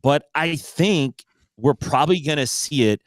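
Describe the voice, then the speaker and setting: A man on a jiu-jitsu panel, giving his pick in a measured, analytical way. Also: fairly high pitch, lively intonation, no echo, studio quality.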